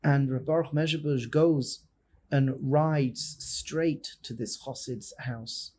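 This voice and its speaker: A man, a rabbi, telling a story in a sermon, dramatic and swinging between loud and hushed passages. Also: mid-range voice, fairly even intonation, slow pace.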